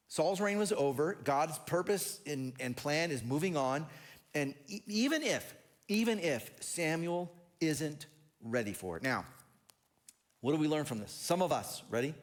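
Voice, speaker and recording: An energetic male pastor preaching with a lively, up-and-down delivery. His voice sits fairly high for a man, and he tumbles over repeated words as he drives each point home. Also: moderate pace. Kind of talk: sermon.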